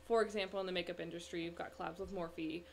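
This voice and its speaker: A woman's voice: lowish voice, fairly even intonation, quick pace, gravelly. A woman co-hosting a casual podcast, reading out news stories and giggling often. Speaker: podcast co-host. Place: small room at a table.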